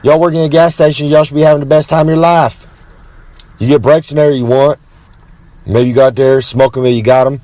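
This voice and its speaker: A brash man with a drawl spins a rambling comic tale. He swaggers through it with boastful asides and drawn-out dramatic pauses, talking about himself in the third person. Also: a little high, little pitch movement, warm tone, no room sound. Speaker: wrestler telling a story. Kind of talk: rambling comic storytelling monologue.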